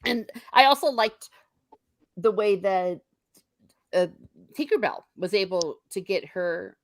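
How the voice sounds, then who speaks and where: A woman's voice: medium pitch, animated, slow pace. A woman co-hosting a casual chat, rambling along with lots of fillers. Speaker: podcast co-host.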